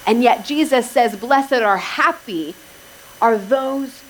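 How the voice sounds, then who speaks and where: A woman's voice: a little high, takes it slowly, a little hiss or hum, poor audio. A woman pastor giving a sermon in a conversational way, with wry asides to the congregation.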